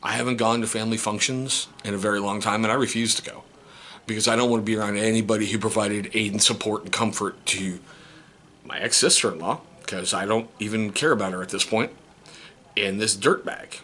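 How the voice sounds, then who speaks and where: A middle-aged step-parent vlogger, angry and holding himself back, talking through a painful family situation in a personal monologue. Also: male voice, lowish voice, fairly even intonation, fairly quick. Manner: seething, restrained, voice cracking into sharp outbursts.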